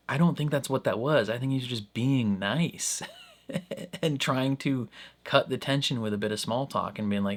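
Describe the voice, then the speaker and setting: A young man hosts a reaction video, musing aloud in laid-back commentary packed with "like" and "I don't know." He laughs often, speaking at a moderate pace in a fairly low voice.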